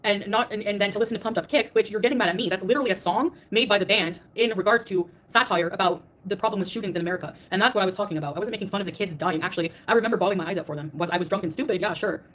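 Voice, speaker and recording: Rapid-fire defensive woman streamer. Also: mid-range voice. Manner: defensive and emphatic, repeats herself. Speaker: streamer answering critics. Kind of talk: livestream rant.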